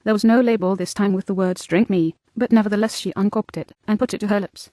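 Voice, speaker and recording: Brief: female audiobook narrator, measured and clear, dry booth. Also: medium pitch, steady tone, warm tone, dry recording. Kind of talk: scripted narration.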